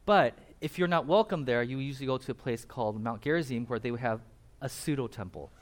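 A man preaching a casual sermon, retelling a Bible story with animated asides and quick voiced bits for the characters. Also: mid-range voice. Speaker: pastor.

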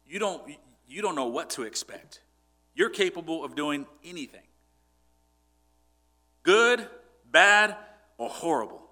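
A man's voice: fairly high pitch, animated, unhurried, long pauses, bright, forceful tone. A man preaching a sermon and telling a personal story in a conversational way, with frequent restarts and repeated words.

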